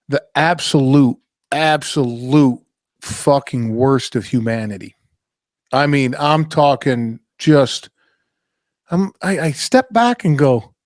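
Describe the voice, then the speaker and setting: A man's voice: medium pitch, no room sound, clean studio sound. A man hosting a casual podcast conversation, blunt and profane, joking with his guest. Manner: profane, blunt, joking, says dude a lot. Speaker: podcast host.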